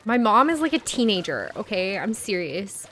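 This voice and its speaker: A woman's voice: medium pitch, very animated, normal speed, fairly bright tone, slight background noise. A young woman streamer telling a story in casual live-stream chat, full of "like" fillers. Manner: chatty storytelling, frequent "like" fillers.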